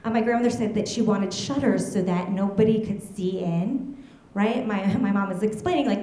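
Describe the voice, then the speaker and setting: A woman's voice: mid-range voice, normal speed, warm tone. Giggly woman doing stand-up, echoey club. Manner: chatty storytelling, giggles at her own jokes. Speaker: stand-up comedian. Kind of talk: stand-up comedy set. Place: comedy club stage.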